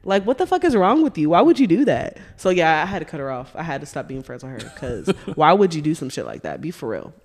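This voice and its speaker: A woman's voice: deep voice, fast talker, few pauses. A woman guest on a podcast, telling a story in a casual chat and swearing freely as she goes. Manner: profane, animated storyteller.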